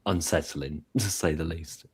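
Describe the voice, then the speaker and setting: A man with a very deep, husky voice in casual podcast chat. He recounts his experience slowly and thoughtfully, sounding a little distant from the mic.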